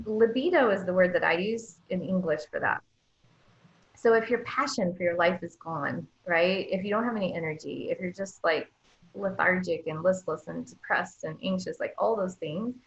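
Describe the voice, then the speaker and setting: Woman doc on a podcast, gravelly voice, animated, does little voices, sounds kinda muffled. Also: on the low side, normal speed. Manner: animated, acts out quoted voices, frequent "like" and "right?". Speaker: guest, doctor and author. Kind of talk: podcast interview.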